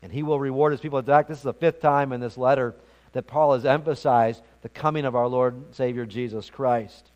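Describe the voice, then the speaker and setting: A man's voice: medium pitch, steady tone, brisk, darkish tone, muffled recording. A man preaching a sermon as pastor, earnest and emphatic, often repeating words as he goes.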